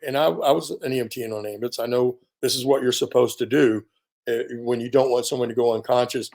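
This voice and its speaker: As an interview guest, this medium-pitched American man in his fifties, a veteran, spins a story in a relaxed, lively way. He performs the quoted lines himself and leans often on fillers like um and you know.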